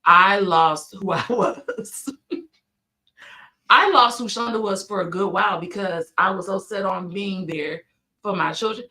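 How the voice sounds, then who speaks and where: A woman talking candidly and animatedly, with many restarts and sudden high jumps in pitch, sometimes catching her breath. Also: measured pace, sharp tone. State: short of breath from throat trouble. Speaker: podcast co-host. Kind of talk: candid casual chat.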